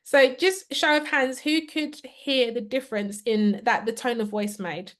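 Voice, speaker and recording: Woman, customer service trainer, slightly high voice, clear and upbeat, talking to a live online audience. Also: unhurried, a bit bright.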